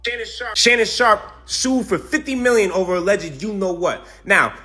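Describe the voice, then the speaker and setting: Brash, mocking high-voiced male podcaster. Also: moderate pace, pushed and bright. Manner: self-styled hater roasting the subject. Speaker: podcast host. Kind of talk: comedic podcast commentary.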